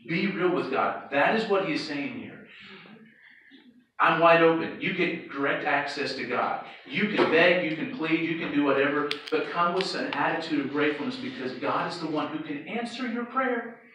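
A man gives a relaxed youth sermon, talking to the room as if chatting and checking in with a quick "okay?" every few lines. He stands back from the microphone in a very echoey hall, with a little noise under his voice. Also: a little high, recorded from a distance. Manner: conversational, checks in with frequent "okay?". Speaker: youth pastor. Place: church hall or sanctuary. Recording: echoey hall, speaker away from mic.

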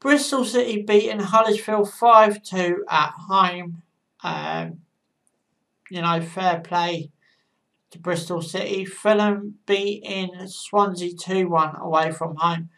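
Slow, halting woman off-mic. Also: on the low side, fairly even intonation, creaky, a bit bright. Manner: halting, with frequent pauses and fillers. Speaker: football predictions vlogger. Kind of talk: casual match predictions. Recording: voice a bit far from the mic.

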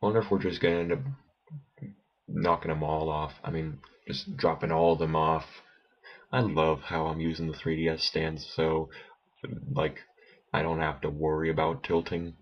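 Low-voiced slow male gamer, muttering let's play commentary, dull lo-fi home mic. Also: little pitch movement. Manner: muttering to himself, bursts of alarm at enemies. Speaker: gameplay commentator.

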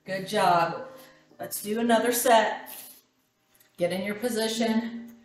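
A woman's voice: medium pitch, slow, distant mic. A woman instructor leading a core workout class, counting reps and calling out short cues. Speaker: fitness instructor. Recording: echoey room with background music.

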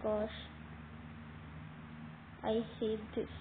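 A woman giving casual game commentary, talking straight to viewers with excitable, dramatic alarm. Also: a little high, drawn-out words. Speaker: gameplay commentator. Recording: tinny phone-like audio with faint noise.

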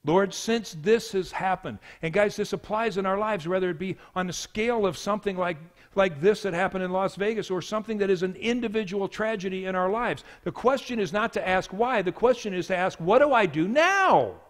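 A man preaching a sermon as pastor, telling a story with swings from hushed to loud. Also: sits high, brisk, hardly any pauses.

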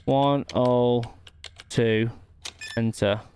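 A man's voice: mid-range voice, fairly even intonation, extremely slow, darkish tone, a little hiss or hum. Man muttering through a game. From United Kingdom. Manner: thinks aloud, mutters to himself while solving puzzles. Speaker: gaming channel host. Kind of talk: gameplay commentary.

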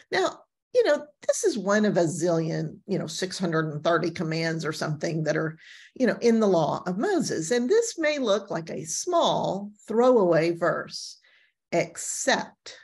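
A woman pastor teaching a gentle Bible class, telling the story with lively emphasis and casual asides. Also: lowish voice, unhurried, creaky, breathy edge.

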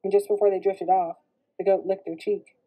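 A woman's voice: mid-range voice, little pitch movement, fairly quick, warm tone, husky, lightly acted, poor audio. A woman reading the lines of a guarded teenage girl who answers brusquely and defensively.

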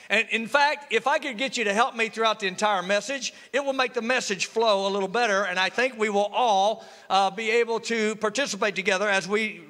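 A high, bright man's voice, swooping up and down as a pastor preaches and jokes with his congregation. His call-and-response sermon carries through a reverberant church hall. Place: church sanctuary.

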